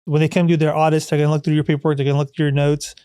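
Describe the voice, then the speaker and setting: A man's voice: fairly high pitch, little pitch movement, rapid-fire, warm tone, clear, resonant tone, dry recording, clean studio sound. A man hosting a podcast interview, asking questions and summing up his guest's points. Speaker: podcast host.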